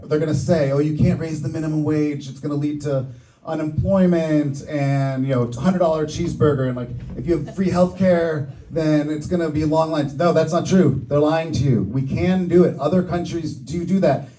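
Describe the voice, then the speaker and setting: A man's voice: on the high side, dark tone, distant mic, rough recording. A man from Boston giving a joking, upbeat stump speech as a political candidate at a community event. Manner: joking, upbeat campaign delivery.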